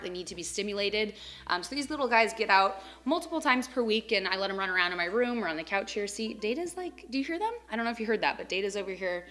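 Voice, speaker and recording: A woman's voice: mid-range voice, sharp tone. Chatty young woman cooing at pets. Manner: chatty, coos and baby-talks to her pets. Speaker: pet vlogger. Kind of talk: casual chat. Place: home, on the couch.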